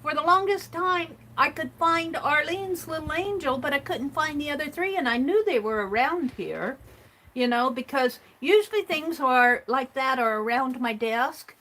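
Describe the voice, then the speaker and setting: A middle-aged woman chats and rambles on a livestream, showing her crafts and reading viewer comments aloud. Her high voice is pushed and bright, with lively intonation at a moderate pace, though the recording quality is low.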